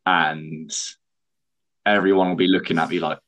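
A man's voice: sits low, flat delivery, moderate pace, highs cut off, a crowd in the background. A young man in casual chat, blunt, swearing freely and laughing often.

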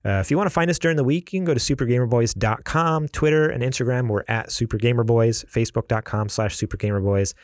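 A man's voice: medium pitch, fast, hardly any pauses, no echo, studio quality. A man co-hosting a casual gaming podcast, talking in a laid-back, rambling way with lots of fillers. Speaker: podcast co-host.

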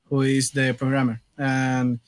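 A man, a game developer, answering interview questions hesitantly with many pauses and restarts. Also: mid-range voice, monotone, noisy background. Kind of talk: casual interview chat.

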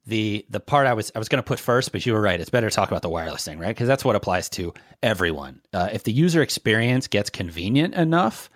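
Man, lowish voice, casual tech chat, dry close sound. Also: very animated, fast, few pauses, no echo. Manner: explanatory, loose, with frequent fillers. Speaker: podcast co-host.

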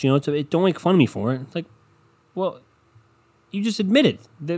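Husky man ranting sarcastically. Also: fairly high pitch, expressive, moderate pace, long pauses, a little mellow. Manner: exasperated, sarcastic, mocking quotes. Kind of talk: casual rant.

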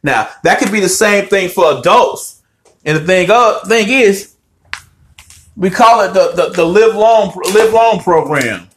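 A man's voice: high-pitched, a little slow, slight background noise. Profane ranting man. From North Carolina, US. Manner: heavy cursing, animated ranting. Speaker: podcast host. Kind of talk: profane solo podcast rant.

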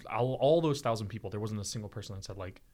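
A young man co-hosting a podcast in casual chat, rambling with quick asides. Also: lowish voice, mellow. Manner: rapid, rambling, with trailing asides. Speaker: podcast co-host.

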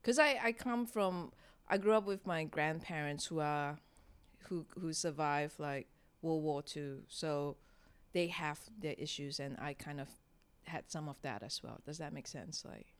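A woman stand-up comic talks casually in an interview. Her voice sits slightly low and sounds smooth and clear. She jokes at her own expense and laughs a lot. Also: unhurried. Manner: chatty, self-deprecating, laughs often. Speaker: stand-up comedian, guest.

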